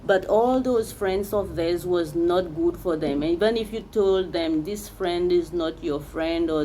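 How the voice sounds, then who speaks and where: A woman's voice: low voice, slight background noise, poor audio. A woman giving a spiritual tarot reading, speaking straight to the viewer and repeating phrases for emphasis. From Seychelles. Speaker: tarot reader.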